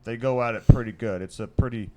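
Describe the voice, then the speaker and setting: A man riffing loosely on a podcast in a studio. He talks in a rambling, profane way, trips over his own restarts and swears freely. His voice sits at a middling pitch for a man. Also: quick pace, noisy background. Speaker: podcast co-host. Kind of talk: casual brainstorming chat.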